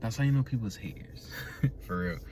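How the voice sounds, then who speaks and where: A man's voice: medium pitch, expressive, moderate pace, darkish tone, slight background noise. A young man hosting a podcast, rambling casually in a profane, laid-back way, often laughing and tagging his thoughts with "right?". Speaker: podcast host.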